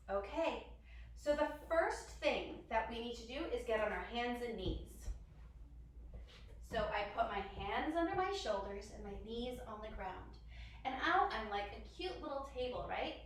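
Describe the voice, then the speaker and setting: A young woman leading a children's yoga class, bubbly and encouraging, making animal sounds along the way. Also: fairly high pitch. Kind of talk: guided kids' yoga class. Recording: very echoey room from far off.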